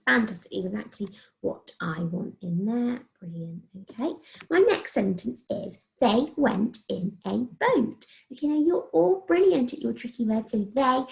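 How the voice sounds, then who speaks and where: A woman primary school teacher giving a recorded phonics writing lesson, slowly sounding out letters and words for young children. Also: mid-range voice, vocal fry, a little mellow, poor audio. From England. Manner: slow, sing-song, sounding out letters and words.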